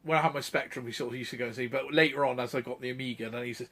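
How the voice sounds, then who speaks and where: A man's voice: mid-range voice, fairly even intonation, very fast, sharp tone. A man, chatting casually about his retro gaming hobby, rambling through anecdotes with fillers and chuckles. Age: 30s. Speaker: retro gaming channel host. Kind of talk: casual chat.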